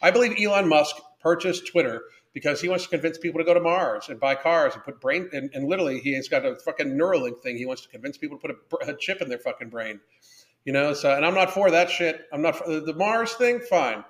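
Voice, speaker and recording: A man's voice: fairly high pitch, fast talker, a bit bright. A man hosting a live podcast, chatting casually in a profane, blunt, rambling way. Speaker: podcast host. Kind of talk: casual livestream chat. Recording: roomy echo.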